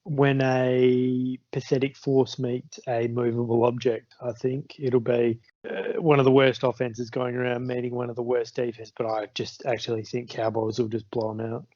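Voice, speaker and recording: Wry, flat-voiced man. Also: medium pitch, normal speed, no room sound, lo-fi sound. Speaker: podcast panelist. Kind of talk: casual chat.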